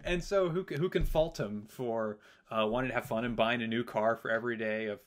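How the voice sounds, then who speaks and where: A man co-hosting a podcast in casual chat, relaxed and hesitant, with many fillers. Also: mid-range voice, a little fast. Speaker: podcast co-host.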